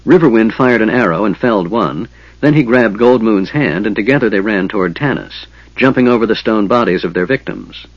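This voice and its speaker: A man narrating a fantasy audiobook in a steady, measured storytelling manner. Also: lowish voice, no echo, highs cut off.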